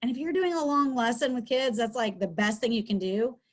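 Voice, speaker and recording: Woman, middle-aged, school counselor, chatty webinar talk, upbeat, filler words, video call audio, a bit high-pitched. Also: fairly quick. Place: home.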